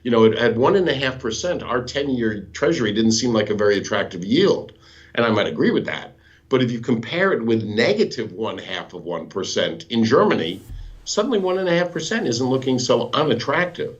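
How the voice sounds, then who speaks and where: A man guiding listeners through charts on a live show, patient and teacherly. His voice is slightly husky and moves up and down a lot. The call audio sounds dull and lo-fi. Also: mid-range voice, big pitch swings, fairly quick. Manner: patient, teacherly, explains step by step. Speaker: guest bond market expert. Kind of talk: explaining charts in a live talk.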